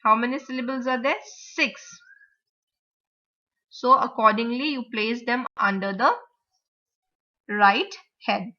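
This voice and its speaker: A woman teacher explaining vocabulary, word stress and grammar, repeating example words slowly to model the stress. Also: a little high, bright, forceful tone. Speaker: English teacher. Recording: dull lo-fi recording.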